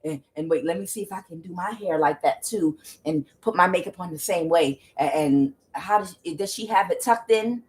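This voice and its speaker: A woman's voice: on the low side, normal speed, few pauses, a little mellow, close to an everyday voice. A woman mocking a fussy, prying copycat imitator during a casual tarot reading. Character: mocking copycat imitator, adult of either sex.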